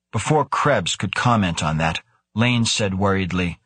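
A man reads a science-fiction novel aloud in a steady, measured way. His voice sits somewhat low and has a husky grain. The recording is dry and close, with no room around it. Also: no echo. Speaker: audiobook narrator. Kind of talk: scripted narration of a sci-fi novel.

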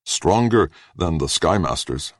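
A man's voice: sits low, big pitch swings, unhurried, husky, no echo, clean studio sound, voice pushed up, heavily acted. A man voicing an earnest alien villager.

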